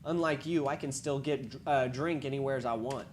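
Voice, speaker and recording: A woman reading a visual novel aloud, wry, with asides and quick self-corrections. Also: extremely low pitch, a little mellow, a little hiss or hum. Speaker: game reader.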